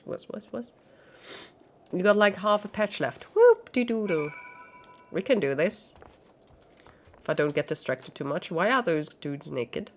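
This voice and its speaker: Playful, slow-talking woman streamer. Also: fairly low pitch, big pitch swings, slight background noise. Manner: playful, giggly, baby talk to her dog. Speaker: game streamer. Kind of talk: casual live-stream chat.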